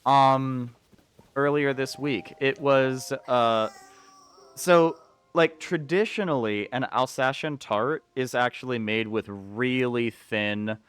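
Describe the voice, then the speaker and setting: Smooth-voiced chatty male game streamer. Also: mid-range voice, slow. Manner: chatty and rambling, excitable outbursts. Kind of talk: casual gameplay commentary.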